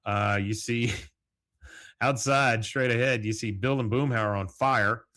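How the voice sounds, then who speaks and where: A man hosts a podcast solo and retells a cartoon episode scene by scene. He rambles loosely, filling the gaps with "uh" and "um" and a few chuckles. His voice sits at a middling pitch for a man. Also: fairly even intonation, measured pace, sharp tone, no echo. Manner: rambling, with frequent fillers and chuckles. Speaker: podcast host. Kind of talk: casual episode recap.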